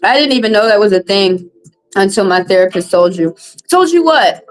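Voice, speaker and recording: A woman's voice: expressive, moderate pace, poor audio. Give me a blunt, profane woman hosting a tarot livestream, venting to her viewers. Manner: blunt and profane, vents with rising pitch. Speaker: tarot reader and live stream host. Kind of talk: casual live-stream rant to viewers.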